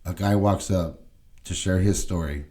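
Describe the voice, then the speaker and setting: Low-voiced guy on a podcast telling his story, emotional, keeps saying right, swears a bit. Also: unhurried, warm tone. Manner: swearing, blunt. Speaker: podcast guest. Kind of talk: personal storytelling.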